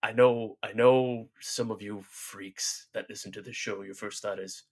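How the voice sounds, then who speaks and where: A man co-hosting a comedy podcast, deadpan and matter-of-fact as he defends absurd schemes. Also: fairly low pitch, measured pace. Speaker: co-host. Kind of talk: improvised comedy bit. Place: inside a wall, muffled through a small hole.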